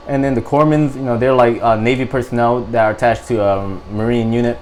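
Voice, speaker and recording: A young adult man, a Marine guest on a podcast, telling a story in casual, animated, profane talk full of fillers. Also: medium pitch, a little fast, few pauses, a little hiss or hum.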